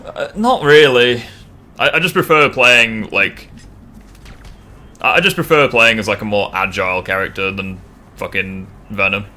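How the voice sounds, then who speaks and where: A man's voice: on the low side, measured pace, bright, forceful tone. A man hosting a casual gaming stream debate, swearing freely and stammering as he restarts sentences. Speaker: streamer host.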